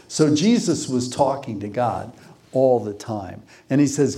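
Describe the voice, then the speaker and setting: A man's voice: mid-range voice, lively intonation, unhurried, dark tone. A man preaching a sermon, who reads scripture aloud, repeats phrases for emphasis and asks the congregation questions.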